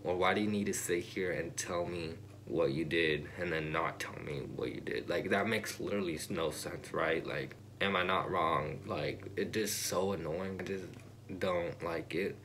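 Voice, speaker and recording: A teenage boy with a deep, low-pitched voice rants casually to his camera, sounding exasperated and circling back over the same points. He fills his talk with "like", and a faint hiss sits under the voice. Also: normal speed, a bit bright. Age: teens. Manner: exasperated, repetitive, fillers of "like". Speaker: vlogger.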